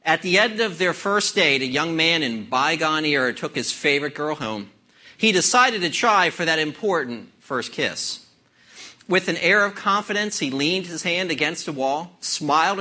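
A male pastor in his fifties delivers a sermon with a high, very lively voice. His tone is bright and forward, and he tells stories in an animated way. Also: normal speed. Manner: animated storytelling, plays out voices in jokes.

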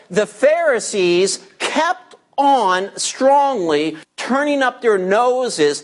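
A man preaching a verse-by-verse sermon, emphatic and teacherly, asking questions and answering them himself. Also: high voice. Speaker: pastor.

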